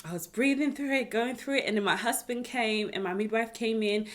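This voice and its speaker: A woman's voice: a little high, fairly quick, slight background noise. Chatty young British woman telling a story. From United Kingdom. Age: 20s. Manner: chatty, expressive, speaks straight to viewers. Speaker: vlogger. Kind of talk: personal storytelling vlog.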